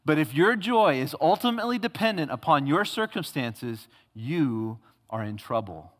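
A male pastor delivers an emphatic sermon, pressing his point with repeated phrases and questions to the congregation. His voice sits a bit higher than most men's. A long reverb trails each phrase, as from a church sanctuary. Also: big pitch swings, moderate pace. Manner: emphatic, with rhetorical questions and repetition.

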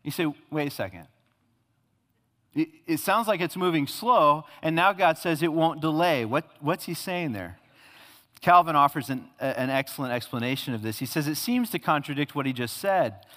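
A man preaches a sermon in a slightly higher voice, his words ringing with the long reverb of a large hall. He talks earnestly and steps into voices of God and the prophet as he teaches. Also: animated, moderate pace, fairly bright tone. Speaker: pastor.

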